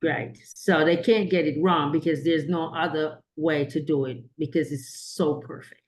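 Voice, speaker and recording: A woman's voice: low-pitched, fairly even intonation, moderate pace. A woman taking part in a coaching session, eagerly chiming in with her own point. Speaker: session participant.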